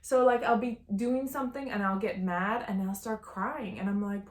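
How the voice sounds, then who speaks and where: A woman's voice: mid-range voice, normal speed. Chatty woman sewing in an echoey room. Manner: bubbly, self-teasing and talkative while sewing. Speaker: sewing tutorial host. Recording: roomy echo, faint machine noise.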